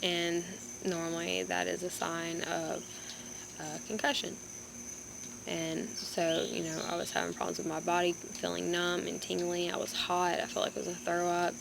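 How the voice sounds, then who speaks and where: A young woman vlogger, in pain and low on energy, telling a story in a rambling, halting way into a phone. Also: flat delivery, vocal fry. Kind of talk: casual vlog storytelling. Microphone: phone camera. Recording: background noise with birds and insects.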